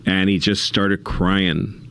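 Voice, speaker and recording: A middle-aged man, a comedian guest on a podcast, telling a story in casual conversation, animated and self-mocking, laughing between lines. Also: low-pitched, slow pace. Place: podcast studio.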